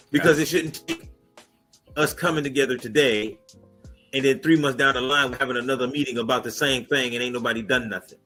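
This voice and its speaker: A man's voice: medium pitch, brisk, long pauses, rough recording. A male co-host on a talk show, speaking emphatically with punchy repeated phrases and pointed questions. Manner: emphatic, punchy, calls for action. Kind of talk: impassioned talk show commentary. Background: soft music bed.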